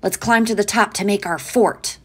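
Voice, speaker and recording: A woman voicing an eager young boy leading a pretend adventure, bossy and excited. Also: mid-range voice, normal speed, breathy edge. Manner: excited, bossy make-believe.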